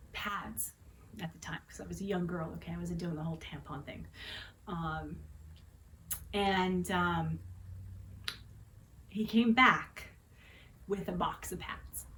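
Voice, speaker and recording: A woman's voice: on the low side, a bit bright, slight background noise, poor audio. A woman in her forties telling a personal story in a dramatic, chatty way, often adding tag questions. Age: 40s. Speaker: vlogger.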